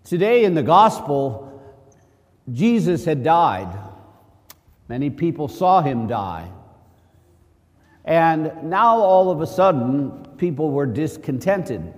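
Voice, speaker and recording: A man's voice: fairly high pitch, big pitch swings, slow pace, long pauses. A male priest giving a conversational sermon, full of rhetorical questions and joking asides. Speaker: Catholic priest. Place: church. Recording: long church reverb.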